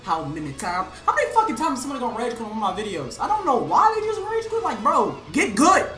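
A young woman giving hyped, slang-heavy commentary over her online matches. Her voice is bright, and its pitch jumps all over. The recording sounds roomy and echoey. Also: wildly swooping pitch, quick pace, faint music behind. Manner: hyped, slangy, shouts at opponents. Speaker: gaming channel host. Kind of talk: live gameplay commentary.

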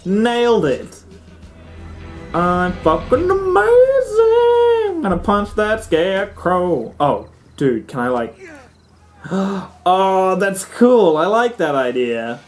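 A young man giving animated, swear-filled let's-play commentary, often squealing and shouting at the game. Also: high-pitched, slow, soft background music. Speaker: gaming let's-play host.

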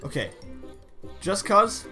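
A young man giving casual, excitable commentary while playing a video game, often breaking into mock-angry yelling. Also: high voice, takes it slowly, soft background music. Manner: excitable, yells and mock-rages at game animals. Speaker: gaming YouTuber.

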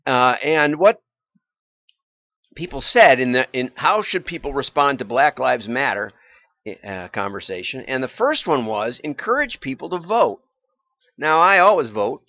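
A man's voice: medium pitch, no room sound. An older man hosting a casual livestream, chatting in a rambling way and chuckling often as he goes over news items. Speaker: livestream host. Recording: dull, lo-fi, dry livestream audio.

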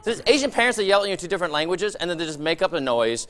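A man doing animated stand-up in a TV studio, laughing between jokes. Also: fairly high pitch, racing, clear, resonant tone. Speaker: stand-up comedian.

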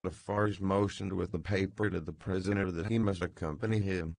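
Male audiobook narrator, measured and even, low voice, dry booth. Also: gravelly, no room sound. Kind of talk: scripted narration of a classic novel.

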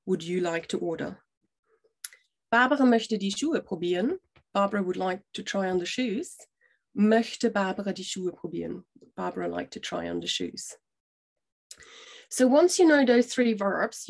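A middle-aged woman gives a language lesson to camera. Her voice has a gravelly, creaky texture at an ordinary mid pitch. She explains patiently, step by step, and keeps checking that the listener is following. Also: darkish tone. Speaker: German language teacher.

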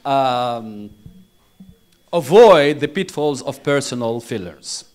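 A man lecturing interpreting students, deliberate and chuckling at his own stories. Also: medium pitch, lively intonation, darkish tone, smooth. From Tunisia. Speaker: university lecturer.

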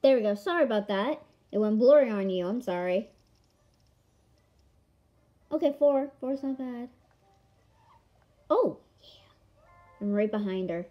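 A woman giving casual commentary on a board game she is playing, excitable, with melodramatic outbursts and playful taunting of her opponent. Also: mid-range voice, moderate pace, long pauses, highs cut off. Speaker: gamer filming a board game. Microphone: camera mic.

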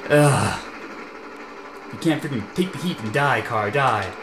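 A young man doing let's play commentary, ranting in frustration at a racing game and mixing shouts with laughter. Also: medium pitch, lively intonation, a little slow. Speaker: gameplay commentator. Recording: echoey room with game music.

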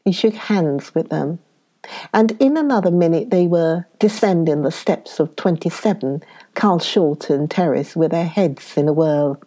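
Slow, mellow woman narrator. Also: sits low. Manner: unhurried, measured reading. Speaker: story reader. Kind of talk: scripted narration.

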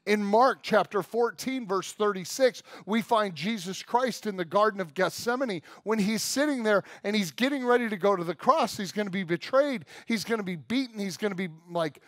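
A male pastor delivers a sermon in an easygoing, conversational way, punching key words loudly and then dropping low and soft. His voice sits a little high for a man. The recording is dry, with little room sound. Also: normal speed, hardly any pauses, no room sound. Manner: conversational and emphatic, leaning on "like" and sudden swings from loud to soft. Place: church service room.

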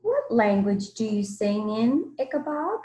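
A woman reading aloud gives a curious, polite little girl in a storybook a raised, careful voice, and every line leans toward a question. Her speech stays slow and cautious. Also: fairly high pitch, very animated, mellow.

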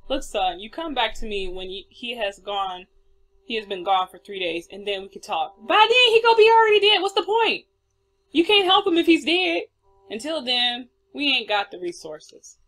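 A man's voice: sits high, moderate pace, sharp tone. A man voicing a lazy, dismissive London police officer who talks in slang.

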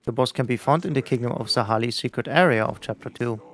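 A middle-aged man giving a scripted, instructive voice-over for a game boss guide. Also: mid-range voice. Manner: brisk, instructive, even delivery.

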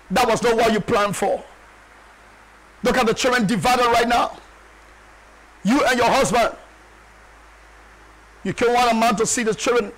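High-voiced, shouting preacher man. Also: low-quality recording. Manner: emphatic, repetitive, often shouting. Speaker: pastor. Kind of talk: sermon.

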